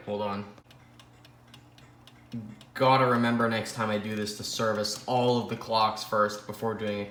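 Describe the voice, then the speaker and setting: A man's voice: fairly low pitch, a bit bright. A young man hosting a casual vlog, rambling and joking at his own expense as he talks to himself. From Canada. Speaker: clock collector host. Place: indoor room with ticking clocks. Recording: roomy echo, faint background noise.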